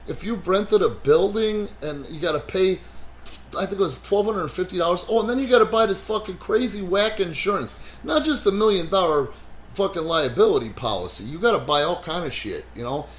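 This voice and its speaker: A man hosting a wrestling podcast, telling stories in a blunt, profane, animated way with lots of "you know.". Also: high-pitched, fairly quick, a little hiss or hum. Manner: animated, swears heavily, frequent "you know". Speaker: wrestling promoter and podcast host. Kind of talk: casual profane podcast storytelling.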